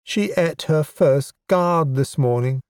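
A man voicing a proud, eager male goblin science officer in an audiobook, lifting his pitch for the character. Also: slow, darkish tone, no echo, clean studio sound.

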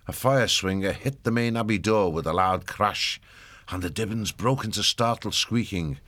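A man giving steady scripted narration of a story. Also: fairly low pitch, moderate pace, dry recording.

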